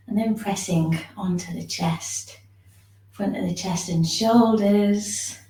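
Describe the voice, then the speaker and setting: A woman teaching a shiatsu class, giving gentle, soothing step-by-step instructions for self-massage. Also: medium pitch, slow, roomy sound, recorded from a distance, low-quality recording. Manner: gentle, soothing instructions, yawning now and then.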